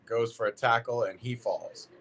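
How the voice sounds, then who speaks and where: A man's voice: medium pitch, normal speed, a bit bright. A man hosting a live football watch party, chatting casually in slang and reading out comments from chat.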